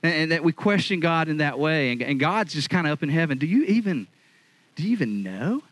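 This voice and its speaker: Animated, chatty male preacher. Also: a little high, a little fast, no echo, rough recording. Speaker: pastor. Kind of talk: conversational sermon.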